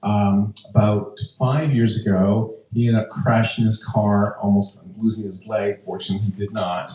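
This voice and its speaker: A man in his fifties, a stand-up comedian, rambles through his stories in a chatty way, full of fillers and restarts. His voice is fairly low and mellow, with fairly even intonation and a moderate pace. The recording is echoey, and he sounds distant from the mic.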